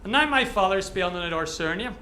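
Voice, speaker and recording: A man's voice: high-pitched, animated, fast talker, bright, forceful tone, a little hiss or hum. A man reading his own short story aloud at a live event, telling it vividly in the present tense. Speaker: author.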